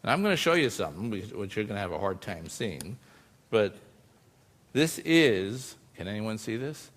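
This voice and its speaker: A man's voice: fairly low pitch, very animated, moderate pace, fairly bright tone. Man explaining casually in a reverberant hall. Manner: explains informally, often adds "you know" and "right?". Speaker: scientist giving a public talk. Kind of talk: conversational presentation.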